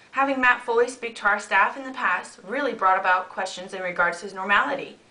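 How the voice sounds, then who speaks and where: A woman's voice: medium pitch, pushed and bright, lightly acted. A woman playing an earnest, mock-serious talk-show host, recorded at a distance in an echoey room. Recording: roomy, distant student video.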